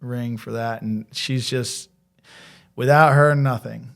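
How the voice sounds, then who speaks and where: Animated American man telling stories. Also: medium pitch, slow pace, vocal fry. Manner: animated storyteller, acts out quoted dialogue. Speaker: college athletic director, former softball coach. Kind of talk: casual interview storytelling.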